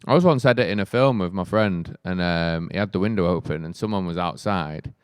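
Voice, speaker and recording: A man with an English accent, co-hosting a podcast in sweary casual banter, laughing a lot and slipping into quick mimicked voices. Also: low-pitched, clear, resonant tone, no room sound, studio quality. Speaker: podcast co-host.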